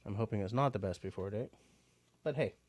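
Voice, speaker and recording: A man's voice: fairly low pitch, fairly quick, darkish tone, a little hiss or hum. A man hosting a livestream, chatting casually and rambling with frequent filler words. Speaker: livestream host.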